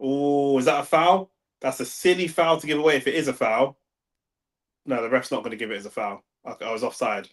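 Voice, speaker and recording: A young man with a London accent, talking slangy and excitable over a live football match and arguing with his chat. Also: mid-range voice, a little fast. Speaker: watch-along streamer. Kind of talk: live football watch-along commentary.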